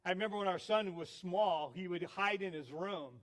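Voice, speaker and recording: A man's voice: high voice, moderate pace, a bit bright. A male pastor giving a sermon, telling stories with acted quotes. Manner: storytelling with laughs, acted quotes.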